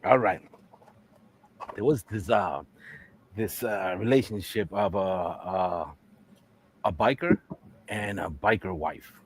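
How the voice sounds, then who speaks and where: A man's voice: low voice, takes it slowly, pauses often, breathy edge. A man telling a long, profane joke in casual live-stream chat, laughing as he goes. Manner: animated, profane storytelling with laughter.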